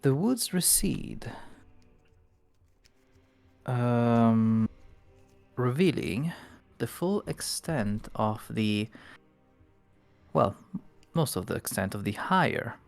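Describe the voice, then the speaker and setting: Gravelly male game master; slow, unhurried narration over faint music. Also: mid-range voice, expressive. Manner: unhurried, pauses to look things up.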